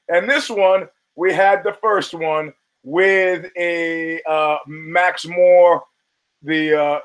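The host of his own podcast, a man with a high-pitched, fairly bright voice, speaks bluntly in a casual monologue, swearing and laughing in asides. Audio quality is poor, captured through camera and studio mics.

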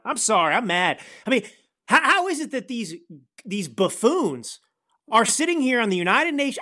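A man's voice: very high voice, sing-song, normal speed, pushed and bright. A man hosting a podcast, delivering angry, sarcastic political commentary in a ranting manner. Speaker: podcast host.

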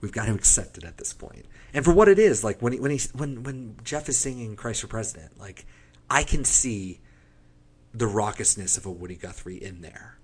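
A man with a low, husky voice rambles with enthusiasm through a casual music podcast chat, swearing now and then. His delivery is loose and conversational. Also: moderate pace. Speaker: podcast co-host.

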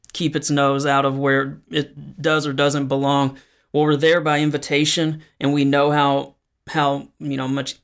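Flat-toned man hosting a news podcast. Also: a little high. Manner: explanatory, conversational, frequent fillers. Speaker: podcast host. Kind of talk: solo news commentary podcast.

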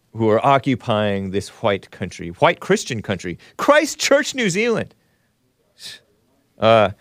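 A man's voice: on the low side, no echo, clean studio sound. A man hosting a call-in show, chatting casually with callers and mocking the news with scoffing asides.

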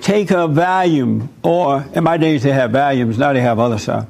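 An older man preaching a sermon, telling a story in an animated way and acting out the voices of the people in it. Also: medium pitch, fairly quick, vocal fry. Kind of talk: sermon with role-play demonstration.

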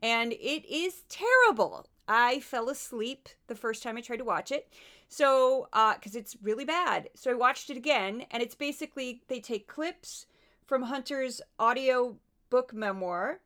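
A woman with a Midwestern American accent hosts her podcast in casual commentary. Her voice is bright, and she talks in an animated, chatty way, full of asides. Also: on the high side, unhurried. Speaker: podcast host.

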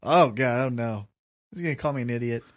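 A man's voice: medium pitch, a little fast. A man co-hosting a casual podcast, giving wry short replies and swearing freely. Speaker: podcast co-host.

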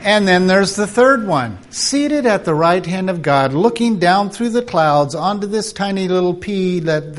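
A man preaching at a conference, animated and acting out quoted voices, sometimes dropping to a whisper. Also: a little high. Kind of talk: conference sermon.

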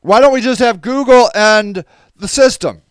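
A man's voice: extremely high pitch, normal speed, clean tone, no echo. A tired man with a stuffy nose, hosting a podcast livestream and reading viewer comments in a rambling, casual way. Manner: rambling, restarts, reads viewer comments aloud. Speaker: podcast host reading live chat.

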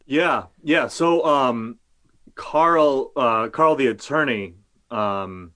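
A man's voice: medium pitch, very slow, a bit bright. A male journalist talking casually as an interview guest, rambling with many fillers and restarts, and cursing now and then.

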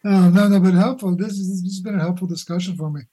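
Older male guest, halting and reflective; warm, dark tone, slightly high pitch. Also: fairly even intonation, husky, poor audio. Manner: halting, searching for words with many restarts. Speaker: guest, philosopher and boxing coach. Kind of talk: conversational interview.

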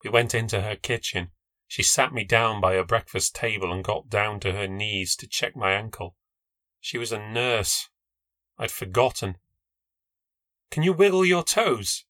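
A man's voice: fairly low pitch, fairly even intonation, normal speed, bright, forceful tone, no echo. A man narrating a first-person ghost story with a tense, dramatic delivery. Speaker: podcast narrator.

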